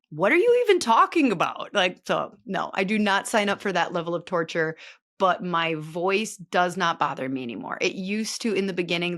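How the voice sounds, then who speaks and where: A woman in her late thirties hosts a podcast, delivering a rambling, chatty monologue packed with filler words. Her voice is lowish with a fairly bright tone.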